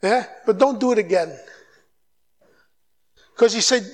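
A man's voice: high-pitched, unhurried, pauses often. A man giving a sermon as a guest preacher, exhorting the crowd and acting out short exchanges in his own voice. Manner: exhorting, animated, mimics dialogue.

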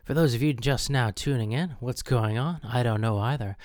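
A man hosting a comedic mock radio show with deadpan, pompous announcer patter. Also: mid-range voice, normal speed, no echo, studio quality. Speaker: host.

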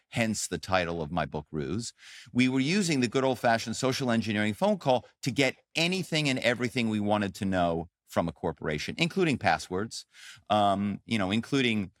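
A middle-aged man, a guest on an interview show, telling his story in an animated, conversational way with many fillers. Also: medium pitch, no echo, clean studio sound. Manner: animated storyteller, frequent "um" and "you know". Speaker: podcast guest, author and former corporate spy.

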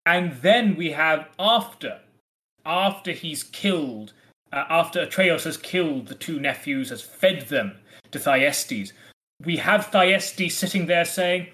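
Guy on a podcast, slightly high voice, animated, does little voices for quotes. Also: slow. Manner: animated, acts out quoted lines with laughs. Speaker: podcast co-host. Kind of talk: casual literary discussion.

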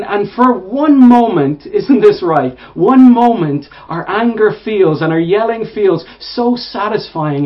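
A man preaching a sermon to listeners, repeating words, swelling to emphatic peaks and falling to hushed, low phrases. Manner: repeats and restarts words, rising to emphatic bursts. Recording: dull lo-fi sound.

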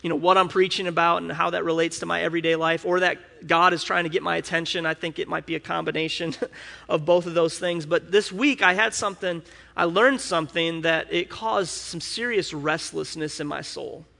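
A man's voice: a little high, steady tone, brisk, vocal fry, pushed and bright. A male pastor preaching a conversational sermon, candid and personal, often restarting his sentences. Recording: long hall reverb.

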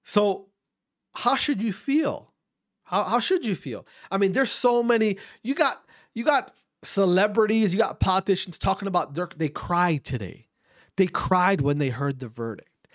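In an animated opinion rant delivered to camera, this speaker takes it slow and deliberate. Rhetorical questions get hammered home again and again with big pitch swings, and the bluntness is punctuated by swearing for emphasis.

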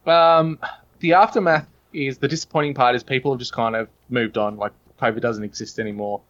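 A man's voice: mid-range voice, steady tone, a little fast, a bit bright, muffled recording. A man with an Australian accent, a podcast guest talking in long, earnest, opinionated runs. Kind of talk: casual podcast chat.

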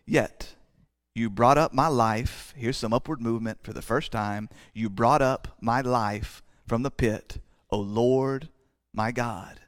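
A man preaching a sermon as a pastor, conversational, with dramatic pauses and some stammered restarts. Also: mid-range voice, dry recording, clean studio sound.

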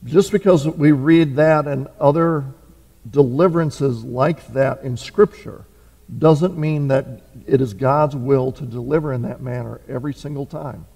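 A man's voice: medium pitch, measured pace, vocal fry, warm tone. A man preaching a conversational sermon, full of fillers, restarts and rhetorical questions. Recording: reverberant hall.

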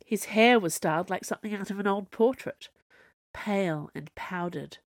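A woman's voice: normal speed, no echo, clean studio sound. A woman author reading her own serial story aloud, acting out the dialogue. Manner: expressive, voices dialogue with big pitch jumps. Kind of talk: storybook narration.

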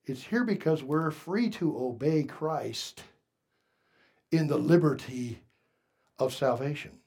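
Emphatic high-pitched male preacher. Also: lively intonation, slow pace, gravelly, breathy edge. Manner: emphatic preaching, swinging between quiet asides and raised exclamations; engages congregation with questions. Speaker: pastor. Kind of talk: sermon.

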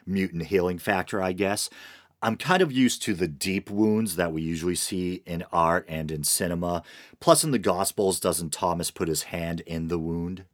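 Low-voiced man with wry asides. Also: no room sound. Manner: wry, conversational, with dry asides. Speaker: film reviewer. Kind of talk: casual scripted film review narration.

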